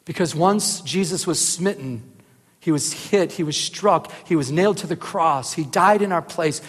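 A man's voice: fairly high pitch, measured pace, breathy edge. A man giving a casual Bible teaching, earnest, with many rhetorical "remember?" questions. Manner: earnest, rises into animated emphasis, often asks "remember?". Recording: reverberant hall.

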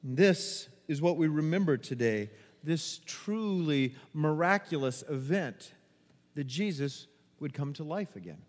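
A man preaching a sermon as a pastor, telling a personal story with animated delivery, acting out quotes and laughing at himself. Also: on the high side, measured pace, big-room sound.

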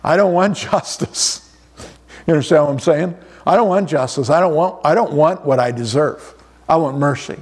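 A man's voice: fairly high pitch, normal speed, husky. A middle-aged man preaching a conversational sermon, often repeating words as he restarts his sentences. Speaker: pastor.

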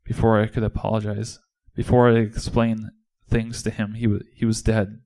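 A man's voice: fairly low pitch, monotone, normal speed, mellow. A man performing an impassioned first-person monologue in a church service, speaking as a disciple. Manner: impassioned, indignant storytelling.

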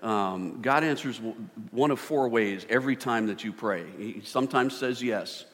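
Animated male pastor in a reverberant hall. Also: medium pitch, normal speed. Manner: animated, shifts from loud to hushed. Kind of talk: sermon.

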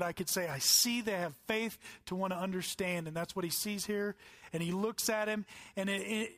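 A man's voice: high voice, fairly bright tone, no room sound. A man, a pastor preaching a sermon with earnest, emphatic stresses that climb on key words.

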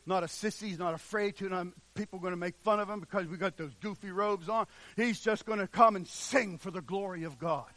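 A man preaching a sermon with fervor, drawing out the scripture he reads and swinging from shouts to hushed passages. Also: high voice, no room sound. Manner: drawn-out emphatic scripture reading.

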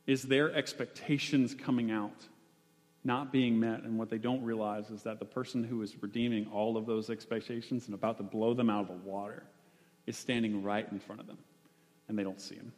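A man's voice: fairly low pitch, steady tone, moderate pace, darkish tone. A man preaching a sermon in a conversational way, with frequent fillers and restarts. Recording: long hall reverb.

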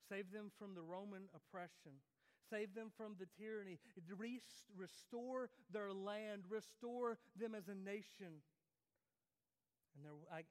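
High-voiced preacher in a big hall. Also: male voice. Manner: conversational preaching with frequent "right?" asides to the congregation. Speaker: pastor. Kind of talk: sermon. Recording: long reverb of a large hall.

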